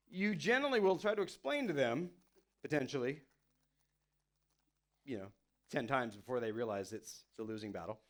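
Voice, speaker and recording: Chatty man preaching, fairly high voice. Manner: conversational, lots of "you know" and "like"; playfully acts out the people he quotes. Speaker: pastor. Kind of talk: casual sermon.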